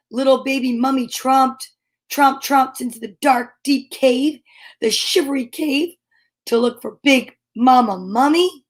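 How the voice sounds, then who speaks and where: Storyteller: woman, high voice, slow expressive picture-book reading with gasps and whispered sound effects. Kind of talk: reading picture books aloud on a live stream.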